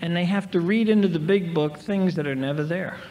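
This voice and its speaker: Speaking a little fast in a voice on the high side with a darkish tone, a man in his sixties tells wry, self-mocking stories at a recovery meeting. The faintly hissing 1990s recording rings with the reverb of a large convention hall.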